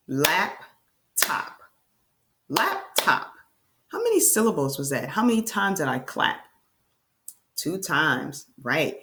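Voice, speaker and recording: A woman teacher giving a reading lesson to young children, with slow, enthusiastic, sing-song prompts. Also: sits low, a bit bright, a little hiss or hum.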